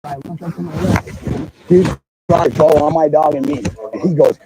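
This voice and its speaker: A man's voice: fairly high pitch, fairly even intonation, moderate pace. A man giving a heated, rambling account while walking his rural property, filmed on a handheld phone. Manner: rambling, heated, swearing, restarts often. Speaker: property owner making a public statement. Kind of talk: agitated outdoor livestream account. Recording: loud outdoor background noise.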